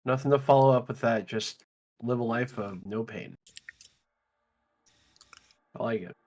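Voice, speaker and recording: A man's voice: mid-range voice, measured pace. Laid-back man leading a game raid. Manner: relaxed, talks loot through aloud. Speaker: streamer and raid leader. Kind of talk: casual game-stream chat.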